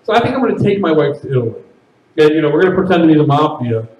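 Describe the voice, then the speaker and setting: A man performing stand-up comedy at a party, with loud, animated shouted bits. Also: a little high, rapid-fire, echoey room, recorded from a distance, slight background noise, rough recording.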